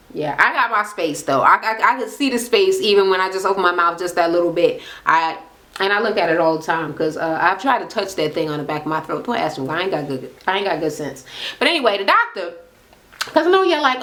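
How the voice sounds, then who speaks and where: A married woman recapping a reality show in casual chat, rambling, swearing freely and acting out quotes as she goes. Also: medium pitch. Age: adult, married. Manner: animated, profane and rambling, often acting out quotes.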